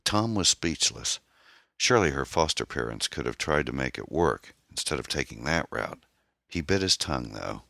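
Male narrator, extremely low voice, lively intonation, dry close sound. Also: normal speed, gravelly, dry recording. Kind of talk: audiobook narration.

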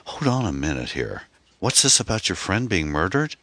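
A man voicing a gentle, reassuring suitor. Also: low voice, big pitch swings, moderate pace, no room sound, voice pushed up, exaggerated voice. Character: concerned, attentive middle-aged man on a date. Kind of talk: audiobook character voice.

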